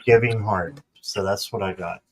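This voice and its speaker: A man's voice: on the low side, fairly even intonation, normal speed, a little hiss or hum, rough recording. A man guesting on a tarot stream, reading cards in a chatty, friendly way. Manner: warm, chatty, laughs at his own mispronunciations.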